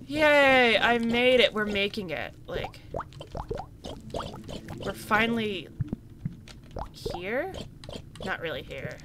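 A young woman giving casual, excitable commentary over a video game, gushing and swearing freely. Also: medium pitch, slow pace, long pauses, a little hiss or hum. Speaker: gaming streamer. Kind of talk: casual let's-play commentary.

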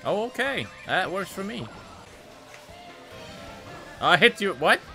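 A man streaming a racing game, reacting out loud with yelps, groans and laughs as he plays. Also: high voice, big pitch swings, slow, music in the background. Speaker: gaming streamer. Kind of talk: live game commentary.

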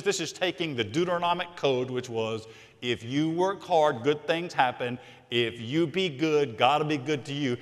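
A man preaching a sermon as senior pastor, emphatic, swinging from loud to hushed. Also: fairly high pitch, normal speed, long reverb tail. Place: large church sanctuary.

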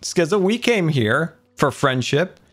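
Man, gaming host, high voice, very animated, playful, goofy. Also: a little slow. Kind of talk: casual gaming chat.

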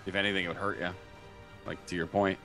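Low-voiced game master, halting. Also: male voice, faint music behind. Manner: relaxed, halting, many restarts. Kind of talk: running a tabletop game.

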